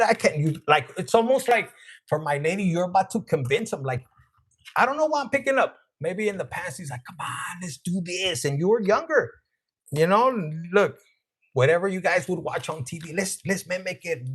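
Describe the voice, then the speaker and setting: A man with a high, husky voice gives a live tarot reading. His pitch swings widely as he jokes, swears and laughs, calling out viewers by name between cards. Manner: profane, joking, acts out voices; laughs often, chats to named viewers. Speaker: tarot reader.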